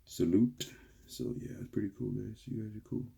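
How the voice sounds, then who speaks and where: A man's voice: fairly low pitch, moderate pace, gravelly, warm tone, slightly rough. A young man rambling casually to viewers in a garage vlog, calling them guys. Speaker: car vlogger. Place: home garage workshop.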